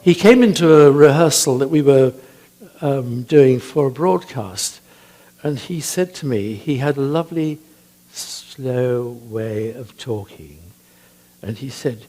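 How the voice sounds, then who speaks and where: An older man with a husky voice, a church composer telling chatty anecdotes about music, hesitant with frequent ums. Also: medium pitch, expressive, unhurried, warm tone. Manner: chatty, hesitant with many ums, laughs at his own stories. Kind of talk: anecdotal talk.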